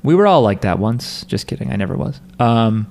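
A man's voice: mid-range voice, big pitch swings, brisk, vocal fry, a little mellow, slight background noise. A man co-hosting a podcast, chatting casually in a wry, rambling way with many restarts. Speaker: podcast co-host. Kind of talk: casual chat.

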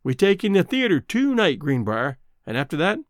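A man's voice: a little high, sing-song, moderate pace, no echo, studio quality. A man reading the part of a former cowboy, now a comfortable city man, talking in an easygoing, apologetic drawl. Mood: content.

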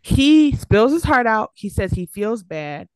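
A woman's voice: a little high, big pitch swings, a little slow, no echo. A young woman co-hosting a podcast in casual chat, talking animatedly and arguing her point with lots of fillers and restarts. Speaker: podcast co-host.

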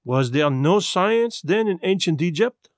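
A fussy Belgian detective, as voiced by a man in an audiobook, with a high voice that rises and falls a lot. He speaks slowly and deliberately, and the recording is dry and close. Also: expressive, no room sound. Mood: probing. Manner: measured, deliberate questioning. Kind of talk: audiobook character voice.

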